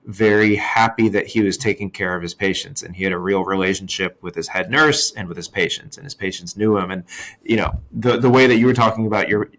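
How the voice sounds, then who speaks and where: A man's voice: lowish voice, fairly quick, a bit bright. A man hosting a podcast, sharing thoughts and asking long, friendly, rambling questions. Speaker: podcast host. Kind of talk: casual interview conversation.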